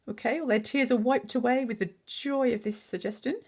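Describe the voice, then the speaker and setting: A woman teacher reading a picture book aloud, pausing to chat and quiz the listener on words. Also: a little high, darkish tone, slightly rough. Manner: chatty, asks the listener questions.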